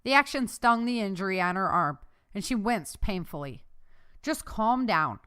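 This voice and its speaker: A woman narrating a novel chapter aloud as an audiobook narrator, telling the story in a steady way. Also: mid-range voice, normal speed, smooth. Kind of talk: scripted narration.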